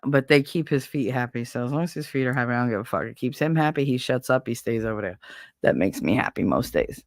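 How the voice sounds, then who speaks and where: A woman's voice: a bass voice, lively intonation, fast talker, dry recording, clean studio sound. A middle-aged woman hosting a casual livestream, venting bluntly and profanely about her kids and household chores. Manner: blunt, profane, exasperated ranting. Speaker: livestream host.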